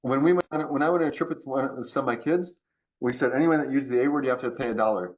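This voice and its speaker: A man talking as a podcast guest about choice and resilience, acting out quoted voices in an animated way. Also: medium pitch, fast talker, lo-fi sound. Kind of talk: conversational coaching talk.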